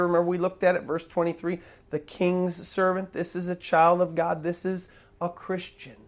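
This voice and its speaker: A preacher giving a sermon, reading verses aloud and explaining them with emphatic stress. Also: medium pitch. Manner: emphatic, reads verses then explains, stresses key words.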